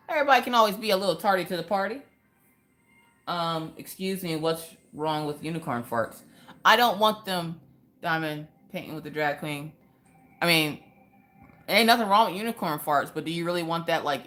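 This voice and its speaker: A young woman with a low-pitched voice chats casually while crafting on a livestream from home. She rants in an animated way and breaks into sudden high exclamations. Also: normal speed. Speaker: livestream host.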